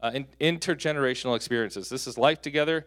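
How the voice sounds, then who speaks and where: A man in his thirties preaching a sermon as a pastor. He tells stories with jokes and breaks into sudden loud peaks. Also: mid-range voice, fast. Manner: animated, joking storyteller with sudden loud peaks. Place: church hall.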